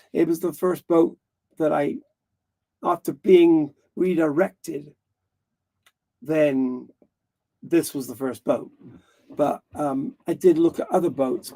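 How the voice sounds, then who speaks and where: Gravelly, mellow-voiced man chatting live. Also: a little high. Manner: rambling, self-correcting, laughs often. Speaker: livestream host. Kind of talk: casual live-stream chat.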